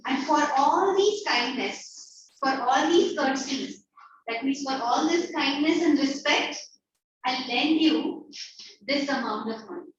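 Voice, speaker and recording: A woman's voice: sits high, measured pace, slight background noise. A woman teacher with an Indian English accent explaining a play in an online class, restating each line in plain words. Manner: explains in plain words, repeats phrases, acts out lines. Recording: echoey, distant, dull online-call audio.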